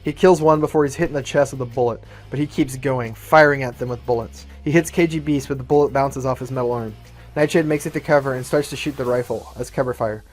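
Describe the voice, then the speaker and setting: A man narrating his own fan-written movie plot in a plain, steady storytelling voice, with light commentary. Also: medium pitch, quick pace, soft background music. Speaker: YouTuber.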